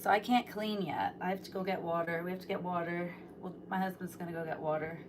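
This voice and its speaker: A woman's voice: lowish voice, fairly even intonation, fast talker, noisy background. A woman hosting a casual livestream from home, chatty and greeting viewers by name, tired after just waking up. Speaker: livestream host. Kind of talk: casual live chat with viewers.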